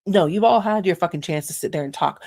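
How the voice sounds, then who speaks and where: A woman's voice: fairly low pitch, fast talker, creaky, darkish tone. A young adult woman hosting a livestream, ranting angrily and profanely at her chat. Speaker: livestream host. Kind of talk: angry livestream rant.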